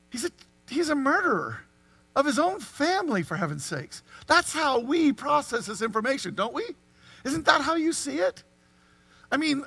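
A man preaching a sermon, animated and full of rhetorical questions to the congregation. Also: very high-pitched. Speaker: pastor.

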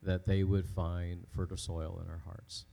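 A man leading a spoken prayer in church, halting and full of ums and uhs. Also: sits low, level tone, vocal fry, dark tone. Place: church sanctuary.

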